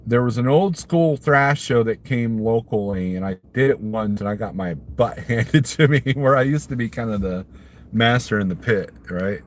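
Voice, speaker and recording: A man from Missouri hosts a loose live stream, answering chat in a rambling, easygoing way. His voice sits in an ordinary male middle pitch, and he often chuckles at his own jokes. Faint noise hums in the background. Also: normal speed. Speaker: trucker livestreamer.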